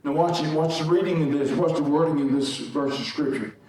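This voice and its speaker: Fervent preacher in echoey church. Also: male voice, on the high side, steady tone, fairly quick. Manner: fervent call-and-response preaching, shouting and chanting. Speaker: guest preacher. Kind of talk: sermon. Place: large echoey church sanctuary. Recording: echoey sanctuary from far off. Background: congregation responding.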